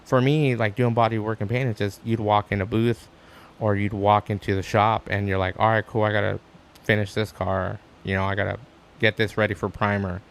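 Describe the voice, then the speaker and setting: A man guest chatting casually on a podcast, an animated storyteller who acts out quotes with sudden high jumps in his voice and swears freely. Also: fairly quick, gravelly. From Arizona, USA. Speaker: guest, stand-up comic.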